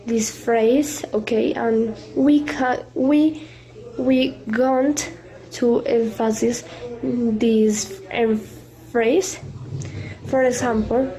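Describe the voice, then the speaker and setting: A woman student presenting a class video, speaking carefully in halting English. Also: on the high side, mellow, low-quality recording.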